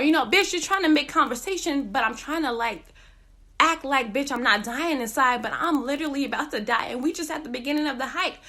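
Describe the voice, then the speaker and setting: Bright, high-voiced woman telling stories. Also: moderate pace. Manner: profane, animated, acts out quotes. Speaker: podcast host. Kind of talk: casual storytelling monologue.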